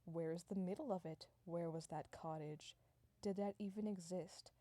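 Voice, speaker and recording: A woman's voice: fairly low pitch, steady tone, moderate pace, warm tone, no room sound. A woman improvising a comic story, rambling, swearing and restarting her sentences as she goes.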